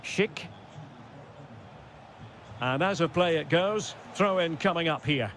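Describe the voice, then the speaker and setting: A man giving play-by-play football game commentary, shouting on goals and calm between plays. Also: fairly high pitch, takes it slowly, a little hiss or hum.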